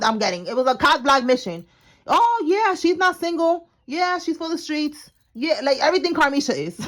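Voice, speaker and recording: A young woman giving a casual tarot reading, slangy and animated, talking straight to her viewers. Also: a little high. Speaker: tarot reader.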